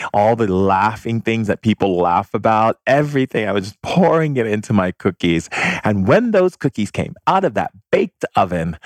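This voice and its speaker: Male storyteller, casual and animated, slightly low voice, dry sound. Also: no echo. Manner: animated, acts out others' voices in high pitch. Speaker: storyteller sharing personal anecdotes.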